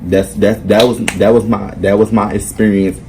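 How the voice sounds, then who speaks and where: A young man, telling a blunt, profane, animated storytime to his vlog viewers. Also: fairly low pitch, normal speed, a little hiss or hum, rough recording. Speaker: vlogger. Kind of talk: casual storytime monologue.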